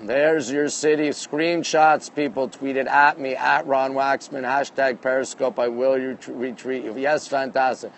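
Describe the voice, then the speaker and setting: Holding a phone on his rooftop deck at night, a Canadian streamer reads viewer comments and greets people by name in upbeat chat. His mid-range voice is flat, unhurried, and creaky with hardly any pauses, and there's a little hiss or hum.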